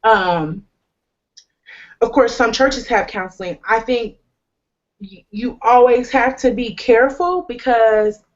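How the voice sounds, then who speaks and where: A woman's voice: fairly high pitch, slow pace, pauses often. Brief: young woman host, earnest and candid, slangy humor, slightly muffled recording. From United States. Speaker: host sharing a personal testimony. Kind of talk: candid conversational testimony.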